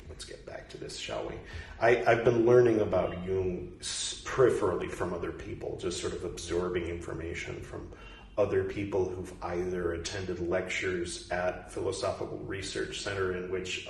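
A man's voice: deep voice, gravelly, slight background noise. A man in his forties reads aloud and breaks off for casual, rambling commentary and apologetic asides. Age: 40s. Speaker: reader and commentator. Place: room in Goa, India. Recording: roomy sound, distant from the mic.

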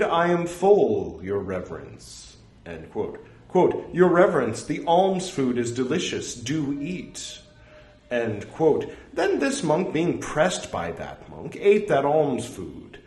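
Slow, lively-pitched man reading scripture. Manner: reads quotation marks and parentheses aloud, joking asides. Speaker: scripture reader. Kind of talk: reading a religious text with casual asides. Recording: echoey room.

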